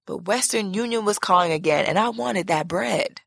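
A woman's voice: medium pitch, moderate pace, gravelly, few pauses, a bit bright, slightly rough, dry recording, clean studio sound. A woman podcast host reading a listener's letter aloud as a brash, profane, sassy story.

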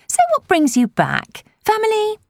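A woman's voice: very high-pitched, wildly swooping pitch, measured pace, vocal fry, a little mellow, no echo, studio quality, voice pushed up, heavily acted. A woman voicing a chatty, nosy middle-aged village woman who gushes in breathless chatter, in an audiobook. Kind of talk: audiobook character voice.

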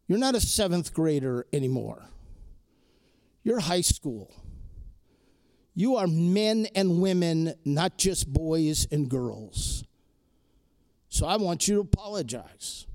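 Male preacher, high voice, slow deliberate exhortation, earnest sermon delivery. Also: a little mellow. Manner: earnest, exhorting, repeats key phrases. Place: crowded hall or chapel.

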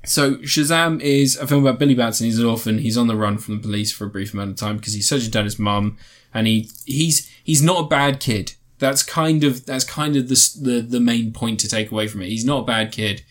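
A man's voice: medium pitch, fairly even intonation, a little fast, few pauses. A man co-hosting a casual podcast and reviewing films, rambling and cutting himself off with crude jokes. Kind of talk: casual chat, film review.

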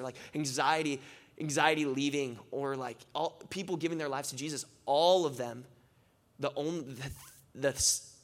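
A young man sharing faith testimonies at a church gathering in a casual, rambling style full of filler words. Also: mid-range voice. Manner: casual, filler-heavy storytelling with many "like"s; rising, impassioned closing prayer. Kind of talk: testimony sermon.

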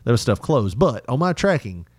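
Guy ranting about lost packages, cusses a lot, laughs a ton, pitch all over, dry mic. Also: sing-song, normal speed, no room sound. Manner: profane, laughing storyteller who mimics voices. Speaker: podcast co-host. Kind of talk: casual chat.

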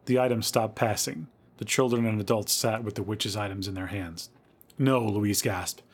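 A man with a fairly low voice gives a dramatic, measured reading of a spooky tale. As podcast host he leans into the eerie moments, pacing his storytelling for suspense. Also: fairly even intonation, breathy edge.

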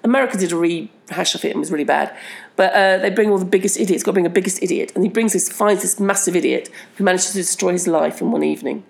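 Quick-talking gravelly British woman. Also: on the low side, a little mellow. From Britain. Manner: enthusiastic, talks up films eagerly. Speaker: podcast co-host. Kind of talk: casual chat.

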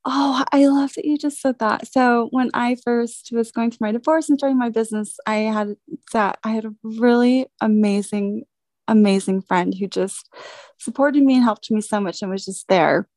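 Reflective woman guest, slightly high voice. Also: steady tone, no echo. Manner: halting and reflective, many fillers and restarts, warm affirmations. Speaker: interview guest and business owner. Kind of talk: casual interview conversation.

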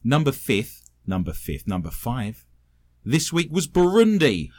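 A man's voice: mid-range voice, big pitch swings, unhurried. A man co-hosting a comedic podcast, reading listener messages in a wry, teasing way and laughing often. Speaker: podcast co-host.

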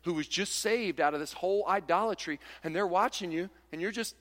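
A man preaching a sermon in an animated way, acting out the voices of church members. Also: high voice, brisk, hardly any pauses. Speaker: pastor. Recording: long hall reverb.

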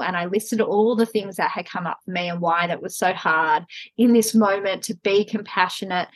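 A woman co-hosting a parenting podcast, telling animated stories and laughing often. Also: medium pitch, moderate pace, no room sound, poor audio. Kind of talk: casual conversational podcast chat.

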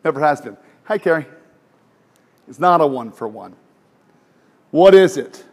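Middle-aged male pastor, higher-pitched, animated sermon delivery with rhetorical questions. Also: moderate pace.

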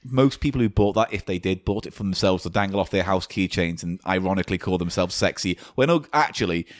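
A man's voice: sits low, fast, dry recording. A man with a British accent co-hosting a comedy podcast, sardonic and crude in casual banter. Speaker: podcast co-host.

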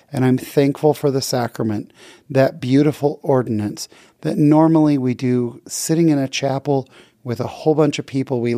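A man's voice: medium pitch, no room sound, clean studio sound. A middle-aged man hosting a podcast, sharing a heartfelt personal story in an earnest, casual way. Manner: earnest, heartfelt, with gentle laughs. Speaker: podcast host.

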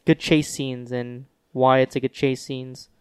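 A man's voice: mid-range voice, level tone, measured pace, darkish tone, smooth, dry recording, clean studio sound. A man hosting a movie review podcast in casual chat, easygoing and keeping the talk moving. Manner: easygoing, steers the talk along. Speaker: podcast host running the segments.

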